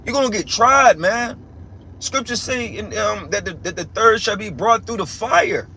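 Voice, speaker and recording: A man's voice: high-pitched, moderate pace, pushed and bright, a little hiss or hum. A young man giving a casual spiritual rant as a religious teacher, emphatic and profane, repeating himself and restarting often.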